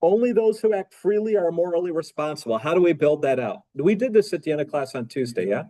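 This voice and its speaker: A man's voice: fairly high pitch, animated, fast, dark tone, low-quality recording. A man teaching a philosophy class in a casual lecture style, asking the students rhetorical questions and repeating his key phrases. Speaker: philosophy professor.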